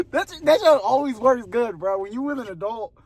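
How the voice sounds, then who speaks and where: A young man vlogging, telling a story in casual chat, animated and laughing often, dropping to a hushed voice for suspense. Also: extremely high pitch, normal speed, background noise. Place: parking lot at a gym at night.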